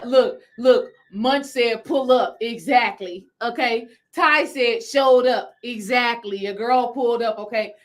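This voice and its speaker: Animated woman telling a story to her chat. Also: fairly high pitch. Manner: animated, repeats phrases, talks to viewers directly. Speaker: spiritual healing coach.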